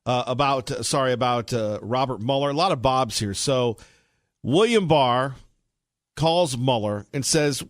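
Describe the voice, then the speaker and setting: A man's voice: medium pitch, measured pace, dry recording, studio quality. A male talk radio host, joking and dropping sarcastic asides.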